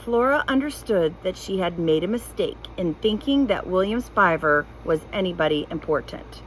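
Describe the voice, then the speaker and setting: A woman reading a children's novel aloud in an expressive, animated storytelling voice. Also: medium pitch, a little hiss or hum, poor audio. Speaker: reader.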